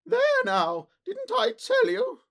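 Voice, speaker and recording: A man reading a story aloud, voicing a nervous little man in a very high, frightened voice. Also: wildly swooping pitch, slow, creaky, fairly bright tone, exaggerated voice. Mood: panicky. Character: Thaddeus Sholto, nervous, fretful little man.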